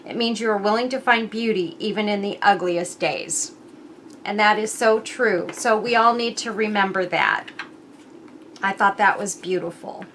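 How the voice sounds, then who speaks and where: A woman's voice: mid-range voice, moderate pace, a bit bright, a little hiss or hum. A middle-aged woman hosting her own crafting channel, chatting in a rambling way with many ums, and moved close to tears. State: emotional, near tears. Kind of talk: casual chatty craft vlog.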